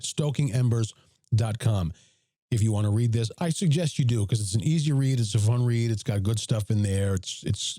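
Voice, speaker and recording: Man, hoarse, deep and raspy, chatty and blunt, dark tone, dry room. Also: no room sound. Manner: chatty, blunt, self-promoting. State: hoarse from a cold. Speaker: podcast host. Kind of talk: casual livestream talk.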